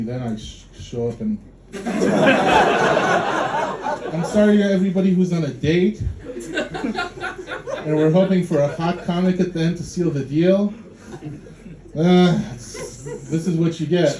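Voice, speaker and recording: A man from Poland doing dry, dark stand-up and teasing the crowd, on a handheld mic in a club. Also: a little high, measured pace, long pauses. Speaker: stand-up comedian. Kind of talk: stand-up comedy. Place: dark club room in a city. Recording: echoey club with loud audience noise.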